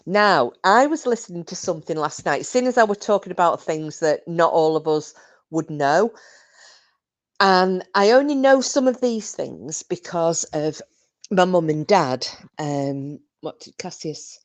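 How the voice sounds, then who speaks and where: A woman's voice: lowish voice, expressive, unhurried. A woman hosting a podcast, reminiscing in casual chat, giggly and full of fillers. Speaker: podcast host.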